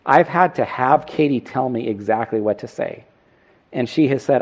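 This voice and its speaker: A man's voice: medium pitch, moderate pace. A middle-aged man preaching a sermon, earnest and self-deprecating, putting questions to the congregation. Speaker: pastor.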